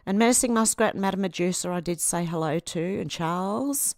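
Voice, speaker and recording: A woman's voice: fairly low pitch, a little fast, darkish tone, no room sound, studio quality. An Australian woman in her fifties hosting a casual livestream, reading viewer comments aloud and chatting back to them. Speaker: livestream host.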